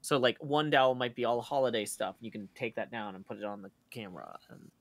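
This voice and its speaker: Gravelly man, rambling casual chat. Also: medium pitch, quick pace, no room sound. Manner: rambling, full of fillers. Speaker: stream co-host. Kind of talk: casual chat on a live stream.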